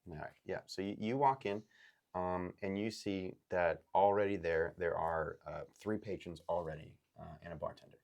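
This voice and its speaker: A man running a tabletop game as game master, explaining in a halting way full of ums and likes. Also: low voice, a little mellow.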